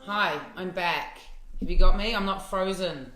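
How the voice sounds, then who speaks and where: A woman's voice: on the low side, measured pace, sharp tone, reverberant. A woman with a New Zealand accent chatting playfully on a live stream. She reads viewer comments aloud, laughs often and uses many fillers and restarts. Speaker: actress hosting a live fan Q&A. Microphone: phone or laptop mic on a live stream.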